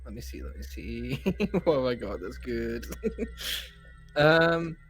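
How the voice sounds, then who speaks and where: A player at a tabletop game who chats in an upbeat, giggly manner. The voice is mid-pitched. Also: sing-song, slow pace, faint music behind, poor audio. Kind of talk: casual chat about a tabletop game.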